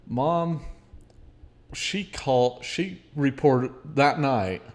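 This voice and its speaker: A man's voice: medium pitch, very slow. Blunt young male podcast host. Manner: blunt, swears, emphatic. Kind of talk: casual conversation.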